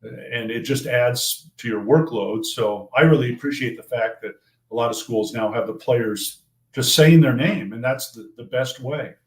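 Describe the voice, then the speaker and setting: An older man, a sports play-by-play broadcaster, answering questions in a measured, thoughtful way, often restarting his phrases. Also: mid-range voice. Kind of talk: casual interview answers. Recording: roomy echo.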